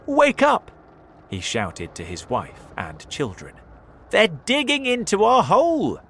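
Man doing a loud, high-pitched father fox. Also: wildly swooping pitch, takes it slowly, a little hiss or hum, full character voice. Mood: alarmed. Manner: urgent and shouting. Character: worried adult male fox, a protective father.

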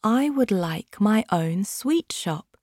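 A woman voicing a modest young boy in a storybook reading, speaking slowly and plainly. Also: mid-range voice, animated, darkish tone, no room sound, clean studio sound, voice pushed up. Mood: wistful.

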